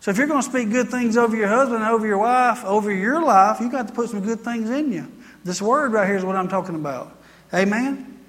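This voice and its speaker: A man's voice: sits high, a little fast, a bit bright, long reverb tail. A male pastor preaching a sermon in a folksy, emphatic way and quoting scripture.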